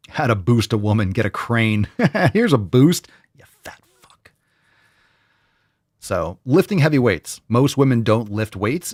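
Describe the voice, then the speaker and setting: A man's voice: lowish voice, no room sound. Brief: male fitness podcast host, blunt and profane, hypes things up with mock sales talk, dry close sound. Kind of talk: casual podcast monologue.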